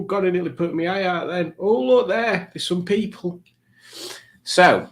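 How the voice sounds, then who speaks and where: A middle-aged British man hosting a live chat stream, rambling, self-mocking and easily sidetracked. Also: on the high side. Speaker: livestream host.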